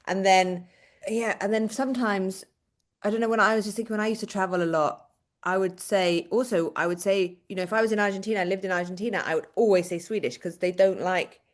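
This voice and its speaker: A woman's voice: mid-range voice, fairly even intonation, a little fast. A woman co-hosting a podcast, chatting casually and correcting herself as she tells stories. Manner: rambling, self-correcting storytelling. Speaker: podcast co-host. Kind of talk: casual chat.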